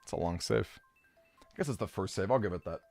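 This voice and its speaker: A man's voice: deep voice, quick pace, vocal fry, a little mellow, soft background music. A man streaming a game, chatting casually and rambling with fillers as he answers his chat.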